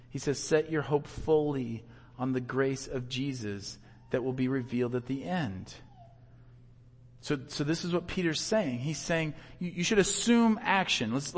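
A man's voice: fairly high pitch, in a large hall. A man preaching a sermon in a conversational way, acting out the voices of the people he quotes. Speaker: pastor.

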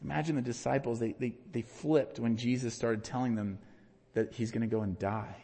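A man preaching a sermon, swinging from loud emphatic peaks to hushed, quiet questions. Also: mid-range voice, steady tone, normal speed, breathy edge, big-room sound. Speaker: pastor.

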